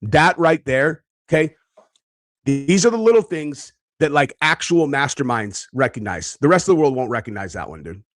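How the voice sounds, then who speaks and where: A man's voice: medium pitch, expressive, normal speed. A man giving casual reaction commentary, brash and profane, boastful, talking in bursts with frequent fillers. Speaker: online commentator.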